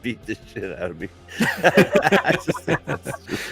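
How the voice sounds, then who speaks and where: A man's voice: medium pitch, huge pitch swings, slow pace, a bit bright, faint music behind. A man from Florida co-hosting a live stream, chatting casually, laughing often and telling silly stories. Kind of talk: casual chat.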